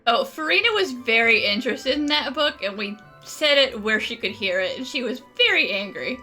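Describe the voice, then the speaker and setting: A woman's voice: fairly high pitch, animated, moderate pace, sharp tone. A woman casually commenting on a game she plays, joking and laughing often. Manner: jokey, laughs often, mock-dramatic. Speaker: gaming streamer. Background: game music.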